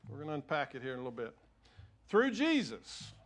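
A man's voice: mid-range voice, steady tone, rapid-fire, a bit bright. A man preaching to his church, folksy and joking, loose and conversational with lots of fillers. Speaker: pastor. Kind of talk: sermon. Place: church sanctuary.

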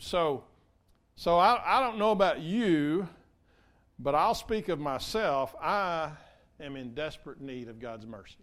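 A man's voice: fairly high pitch, animated, measured pace, fairly bright tone. A male pastor preaching a sermon in an earnest way, repeating key phrases and speaking straight to his congregation.

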